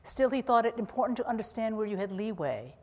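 A woman author reading from her novel to an audience at a university in a calm, deliberate way. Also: a little high, in a large hall. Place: university auditorium.

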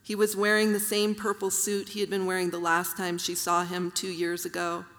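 A woman author reading her own prose aloud at a literary reading, measured and even, with soft fillers between passages. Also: on the low side. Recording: long hall reverb.

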